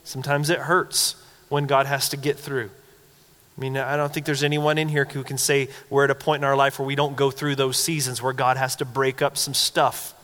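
A man's voice: mid-range voice, flat delivery, moderate pace, fairly bright tone. A man pastor giving a sermon, telling stories in a conversational, earnest and reflective manner. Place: church sanctuary. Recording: long church hall reverb.

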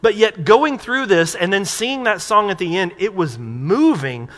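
A pastor preaching to his congregation in a loose, conversational way, tossing them questions. His voice sits high and sounds bright and forceful. It rings out with the long reverb of a church hall. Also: expressive, moderate pace. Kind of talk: sermon. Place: church sanctuary.

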